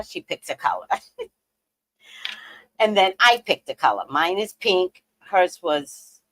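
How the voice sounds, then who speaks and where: Lively woman host telling stories. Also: mid-range voice, no echo, poor audio. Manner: animated storyteller, laughs often, swings between loud and hushed. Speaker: live stream host. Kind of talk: casual chat with viewers.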